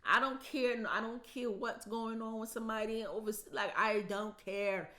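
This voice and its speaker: A woman's voice: a little high, steady tone, moderate pace, sharp tone. Emotional woman, voice cracking with tears. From United States. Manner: emotional, repetitive, emphatic. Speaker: vlogger. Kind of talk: casual storytime vlog.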